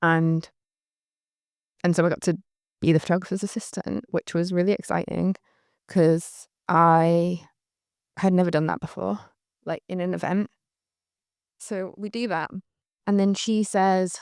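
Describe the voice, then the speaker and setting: A woman's voice: fairly low pitch, steady tone, moderate pace, creaky, pauses often, a little mellow, clear, resonant tone, no echo, clean studio sound. Chatty woman, light northern English accent. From Northern England. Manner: chatty, rambling, laughs often, many "like" fillers. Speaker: photographer recalling her career. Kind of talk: candid anecdotal monologue.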